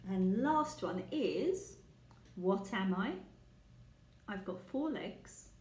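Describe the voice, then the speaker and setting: A woman's voice: mid-range voice, lively intonation, extremely slow, darkish tone, a little hiss or hum. A woman leading a guessing game for young children, speaking patiently and asking the listener questions. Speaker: children's teacher. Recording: echoey room.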